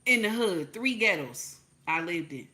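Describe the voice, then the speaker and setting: A woman's voice: fairly low pitch, animated, measured pace, pushed and bright. A woman with a New Jersey accent giving blunt, repetitive livestream commentary, peppered with profanity and "okay?" checks. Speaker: online commentator.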